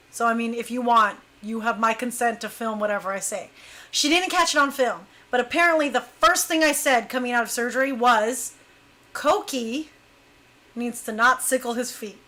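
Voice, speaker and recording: A young adult woman casually telling a story about her dance crew, animated and laughing often as she acts out what others said. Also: fairly high pitch, a little fast.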